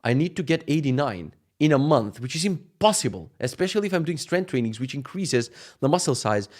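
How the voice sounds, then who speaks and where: Fast-talking man telling a casual vlog story. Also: medium pitch. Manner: fast, animated, profane storytelling with acted-out quotes. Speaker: vlogger.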